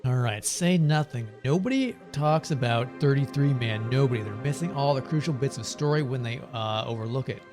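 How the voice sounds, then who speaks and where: A man's voice: medium pitch, moderate pace, hardly any pauses, music in the background, lightly acted. A man reading the lines of a bitter older former financier who rambles and swears about war and greed. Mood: bitter ranting. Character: bitter older man, former money-circles big shot, ranting.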